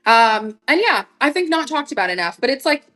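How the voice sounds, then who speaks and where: A woman's voice: high voice, very animated, brisk, bright, forceful tone, low-quality recording. A young woman in her twenties hosting a live vintage clothing sale, chatting casually and gushing to her viewers. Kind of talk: casual live-selling chat.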